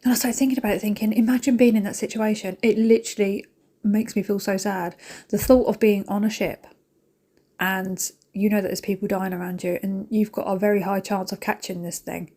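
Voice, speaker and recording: A chatty woman with a British accent talks her viewers through a day of cleaning, her voice sitting at an ordinary middle pitch. She rambles from one thing to the next, addresses the audience directly and is quick to laugh at herself. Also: little pitch movement, warm tone. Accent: British English. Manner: emotional, self-mocking. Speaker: cleaning vlogger. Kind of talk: casual chat while cleaning.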